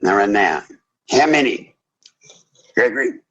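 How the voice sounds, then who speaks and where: An older man hosting a call-in radio show, preaching with fiery passion and rising to shouts. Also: lowish voice, expressive, measured pace. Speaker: radio talk show host. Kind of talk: impassioned call-in radio talk. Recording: dull lo-fi broadcast audio.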